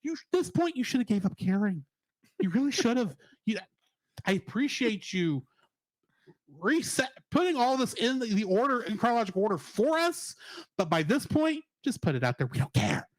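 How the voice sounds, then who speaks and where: Guy podcast host, kinda high voice, bouncing all over, jokey, laughs a lot, dry close sound. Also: normal speed, no echo. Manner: animated, joking, laughs often. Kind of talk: casual review chat.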